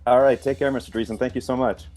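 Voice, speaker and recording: A man's voice: medium pitch, flat delivery, fast talker, darkish tone, soft background music. A man hosting a podcast interview, thanking his guest and laughing along. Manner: appreciative, laughs often. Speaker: podcast host.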